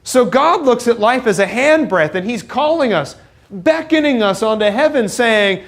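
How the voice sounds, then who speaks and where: A young male preacher delivers an earnest sermon in a church. His voice sits high and swings widely in pitch as he builds to emphatic points, and he breaks them up with self-deprecating asides. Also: expressive, normal speed.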